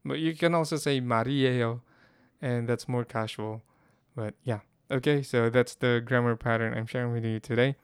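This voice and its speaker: A man giving a casual spoken language lesson, explaining things haltingly with frequent restarts and fillers. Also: mid-range voice, steady tone, clean tone, no room sound, clean studio sound. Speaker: language teacher.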